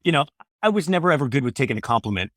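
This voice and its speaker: A man's voice: medium pitch, very animated, very fast, a bit bright, dry recording. Earnest rambling middle-aged man, dry mic. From Canada. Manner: earnest, rambling, says "man" and "you know" often. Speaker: radio host turned podcaster, guest. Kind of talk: candid interview conversation.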